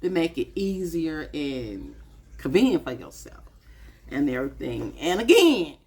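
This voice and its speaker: A woman's voice: sits low, very animated, a little slow, a little mellow, slightly rough. A woman in her late fifties talking casually to camera as a vlogger, musing and chatty, calling her viewers y'all. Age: 50s.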